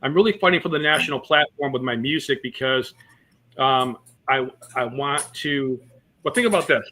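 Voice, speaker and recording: Interview guest: a man with a bright, forceful voice, a comic storyteller. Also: mid-range voice, normal speed. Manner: storytelling with jokes and many fillers. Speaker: comedian guest. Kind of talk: casual interview chat.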